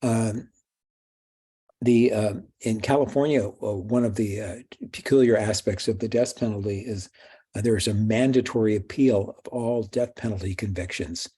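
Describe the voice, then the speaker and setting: A man giving a recorded law lecture, halting often with fillers and restarts. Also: fairly low pitch, fairly even intonation, dark tone, breathy edge.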